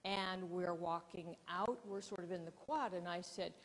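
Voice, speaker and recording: A woman keynote speaker and presentation coach, telling a story to an audience in a lively, animated way. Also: on the low side, moderate pace, long reverb tail.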